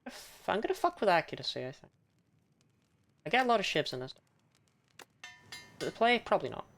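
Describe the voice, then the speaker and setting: A woman's voice: on the low side, sing-song, brisk. A young woman casually commenting on a video game she is playing, chatty, swearing freely and laughing often. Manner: reads game text aloud.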